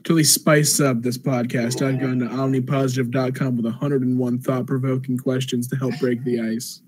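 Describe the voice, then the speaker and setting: A man's voice: mid-range voice, little pitch movement, normal speed, a little mellow. A young man hosting a casual comedy podcast, joking around with friends. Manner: joking, puts on silly voices. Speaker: podcast host.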